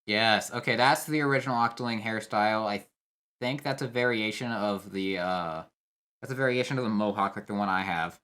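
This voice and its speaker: A young man, a competitive player, reacts to a game trailer in casual commentary, musing aloud with fillers and restarts. He speaks a little fast in a lowish voice with a sharp tone.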